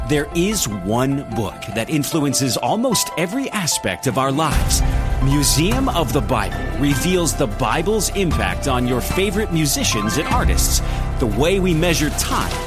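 A man's voice: on the high side, very animated, unhurried. A man narrating a scripted advertisement in a dramatic, emphatic way. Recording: loud music bed.

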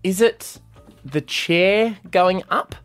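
A man's voice: high-pitched, drawn-out words, a bit bright, soft background music. A man co-hosting a radio show, teasing and laughing through casual banter. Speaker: radio co-host.

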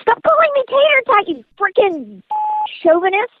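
A woman's voice: extremely high pitch, big pitch swings, moderate pace, no room sound. A woman on a phone call, flustered and indignant. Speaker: call recipient. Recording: tinny phone line.

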